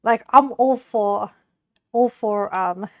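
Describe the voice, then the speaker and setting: A young woman with a mid-range, slightly mellow voice chats slowly and casually with her live-stream viewers while cooking. She rambles, giggles and laughs often, and fills her talk with fillers. The studio-quality recording has no room sound.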